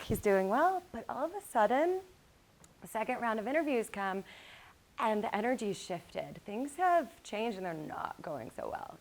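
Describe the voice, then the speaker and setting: A woman giving a motivational keynote to college students, mixing lively storytelling with calm guided meditation passages. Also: medium pitch. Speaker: motivational speaker.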